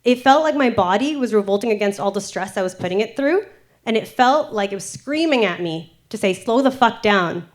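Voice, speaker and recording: A woman in her thirties from Canada telling a candid personal story on stage, animated and frank, acting out her own quotes. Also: medium pitch, fairly quick. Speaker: storytelling speaker. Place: event stage before an audience.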